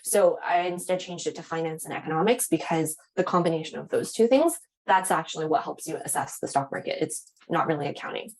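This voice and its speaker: A woman's voice: deep voice, brisk, hardly any pauses, poor audio. A young woman instructor coaching students on admissions interviews, in a casual style with frequent fillers and tag questions. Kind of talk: teaching admissions interview skills.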